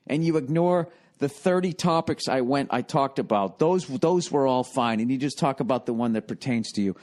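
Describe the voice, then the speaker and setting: Man in his 40s, podcast host, casual comedic monologue, profane, rambling, animated. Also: medium pitch. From United States.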